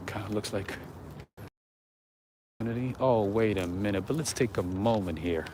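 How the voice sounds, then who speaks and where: A man's voice: lowish voice, normal speed, long pauses. A man hosting an unscripted walking livestream outdoors, talking casually to his viewers as he goes. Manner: chatty, talks to viewers, often whispers. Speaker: livestream walking-tour host. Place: outdoors on city streets near a waterfront. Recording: mobile livestream with clear street noise. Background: street noise and traffic.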